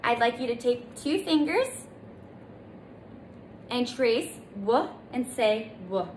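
A woman leads a children's circle time at a slow, patient pace, sounding out letters in a gentle sing-song. Her voice sits a little high. The room is echoey, with a faint hiss underneath. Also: animated. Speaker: preschool teacher.

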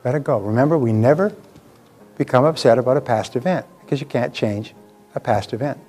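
A man's voice: mid-range voice, a little fast, dark tone, breathy edge, faint music behind. A man giving a live motivational seminar talk, emphatic and repeating key phrases for effect.

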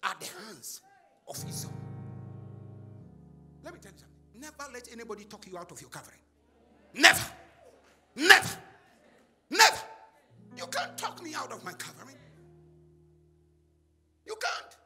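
Male preacher, high bright gravelly voice, call-and-response delivery, faint music under. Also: very animated, normal speed, pauses often. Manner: call-and-response preaching, shouts and chants phrases. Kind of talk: sermon.

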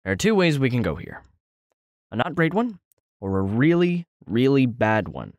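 A man playing a deadpan young man who explains the plan, in a fan audio drama. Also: mid-range voice, normal speed, dry recording, studio quality.

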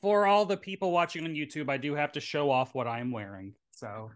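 A Southern-accented man from Tennessee takes on his drag queen persona to host a relaxed, playful podcast conversation. He talks a little fast in a voice on the high side.

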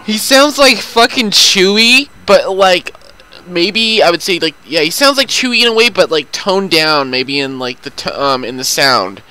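A man's voice: high-pitched, lively intonation, a little slow, pushed and bright, poor audio. A man chatting casually and profanely while playing a video game with a friend. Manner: profane, loose and talkative. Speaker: gaming commentator. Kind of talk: casual gameplay chat.

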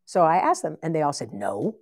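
A woman preacher telling a long story in a sermon, animated, acting out the voices of the people in it and often laughing. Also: sits low, fairly quick. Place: conference hall.

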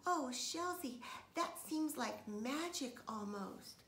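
Woman doing a spoiled rich little girl, bragging, high and loud, storybook, echoey room. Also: lively intonation, slow, exaggerated voice. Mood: amazed. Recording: echoey room, faint noise.

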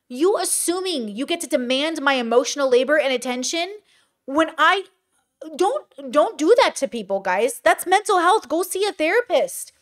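A woman giving casual reaction commentary, blunt and animated, with plenty of slang. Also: high-pitched, normal speed. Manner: blunt, animated, slangy, says bro a lot. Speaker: commentary creator.

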